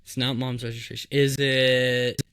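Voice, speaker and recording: A laid-back man chats on a podcast, guessing along and teasing his co-host. His voice sits in a middle pitch, and the sound is dry and close with no room echo. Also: little pitch movement, normal speed, a bit bright, clear, resonant tone. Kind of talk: casual chat.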